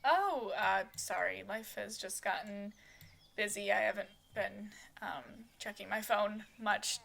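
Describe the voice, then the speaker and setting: Woman reads a sheepish, concerned young man with a bright, slightly gravelly sound. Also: medium pitch, slow, full character voice. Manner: hesitant, questioning.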